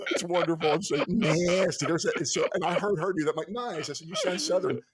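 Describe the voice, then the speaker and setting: A man's voice: fairly high pitch, brisk, a loud crowd. A man from the American South co-hosting a podcast, chatting and rambling with frequent laughs and restarts. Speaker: podcast co-host. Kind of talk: casual podcast chat.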